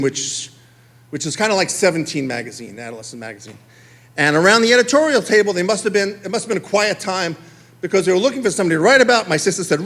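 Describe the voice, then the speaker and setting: A male comedian tells a stand-up story on a theater stage. His voice sits high and swings widely from line to line. He keeps it conversational and throws quick asides to the room. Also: a bit bright.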